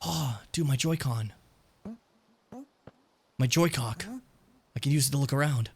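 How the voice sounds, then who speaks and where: A man's voice: mid-range voice, a little slow, gravelly, slightly rough. A young man streaming a video game, rambling casually and swearing often. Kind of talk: let's play commentary.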